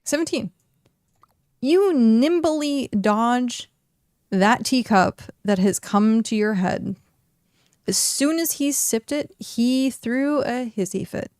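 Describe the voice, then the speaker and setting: A young woman narrating a tabletop role-playing game as game master, describing scenes in a lively way with many asides. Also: a little high, takes it slowly, no echo, studio quality.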